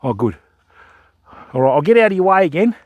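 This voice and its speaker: An excitable Australian man commentates a live stream outdoors by a river, talking straight to his viewers as fam and mate. His voice sits high for a man. The sound is dry and close, with no room around it. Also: racing, no room sound. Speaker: fishing livestreamer.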